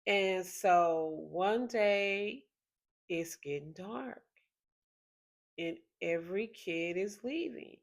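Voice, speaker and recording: Slow, reflective woman telling a memory. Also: lowish voice, vocal fry. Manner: slow, reflective, emotional recollection. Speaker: podcast host. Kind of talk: personal storytelling.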